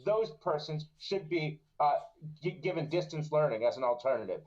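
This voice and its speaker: A high-pitched man rants with indignant emphasis on a live stream. The sound is dull and lo-fi, like a muffled call. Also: lively intonation, moderate pace, a little mellow. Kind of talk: heated live-stream talk. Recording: dull lo-fi audio.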